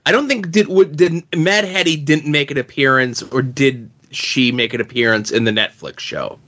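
A man's voice: medium pitch, moderate pace, pushed and bright, dull audio. A man co-hosting a podcast, chatting casually and musing aloud about a comic character. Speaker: podcast co-host. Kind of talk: casual chat.

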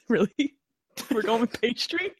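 Woman on a podcast, swears a lot, pitch jumps all over, dry close mic. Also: breathy edge, no room sound. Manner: animated, profane, laughs often. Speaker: podcast co-host. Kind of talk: casual chat.

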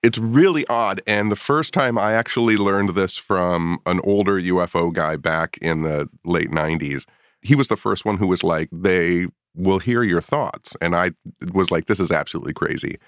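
Chatting casually on a podcast, a middle-aged man who investigates the paranormal tells a story at normal speed in a very low voice. When he imitates how he reacted back then, his pitch leaps upward; the sound is close and dry.

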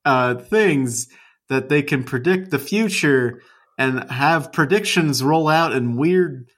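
A man's voice: medium pitch, expressive, slow. A man co-hosting a comedy podcast, riffing loosely and correcting himself as he talks. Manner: riffing, rambling, self-correcting. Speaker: podcast co-host. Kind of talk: comedic casual banter.

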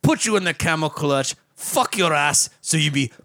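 A blustering male wrestler demands respect in mock broken English, put on by a man on a podcast. The delivery is slow and deliberate, with a dry close sound. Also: on the high side, lively intonation, fairly bright tone, no echo. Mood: mock menacing.

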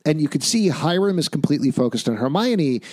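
A man's voice: fairly high pitch, expressive, fairly quick, a little mellow. A man co-hosting a podcast, recapping a TV episode in casual chat with wry, analytical asides. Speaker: podcast co-host.

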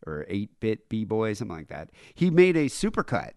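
A man hosts a podcast in loose, rambling chat, often restarting his sentences. His voice swings widely in pitch. The sound is dry and close. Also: wildly swooping pitch, normal speed, darkish tone, clear, resonant tone, dry recording. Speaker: podcast host. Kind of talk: casual chat.

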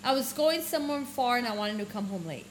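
Woman, casual chat, dry asides, slightly high voice. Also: expressive, a little fast, slight background noise, poor audio. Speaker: podcast co-host.

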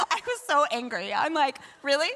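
A woman in her forties preaching a sermon, telling stories in an animated way and laughing often. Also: high voice, slight background noise. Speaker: pastor.

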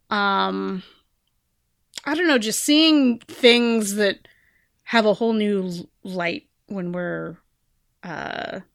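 A woman co-hosts a podcast in loose, rambling chat, full of fillers and half-finished thoughts. Her voice has a gravelly fry at a middle pitch. The sound is dry and close. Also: no room sound. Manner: rambling, many fillers and trailing-off phrases. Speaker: podcast co-host.

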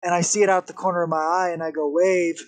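A young man, a podcast guest, telling a story in a casual, animated way. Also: high-pitched, very fast. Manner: animated, vivid retelling with acted-out quotes.

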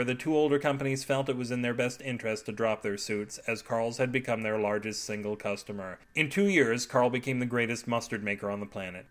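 A man hosting and narrating a comic story podcast with a middle-pitched voice. He talks in a playful, jokey way with mock-grand flourishes. The delivery stays easy and amused.

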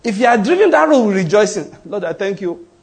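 Animated, high-pitched male preacher. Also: fairly quick. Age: adult, goes to the gym. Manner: animated, emphatic, repeats for emphasis. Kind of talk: sermon.

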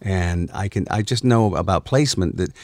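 A male voice actor with a lowish voice, talking about his work in a relaxed, easygoing way. He comes across as dry and wry and laughs easily. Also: moderate pace, dry recording. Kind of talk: casual chat.

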